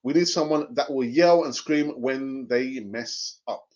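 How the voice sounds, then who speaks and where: A man with a medium-pitched, darkish voice and a measured pace hosts a live fan stream, reading viewers' comments aloud. He argues his opinions passionately, often repeating phrases for emphasis, over dull lo-fi audio.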